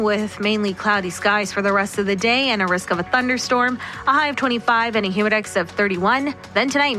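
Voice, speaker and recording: A woman newscaster reading the midday news bulletin in a crisp, even way. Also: on the high side. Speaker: radio newscaster. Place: radio studio.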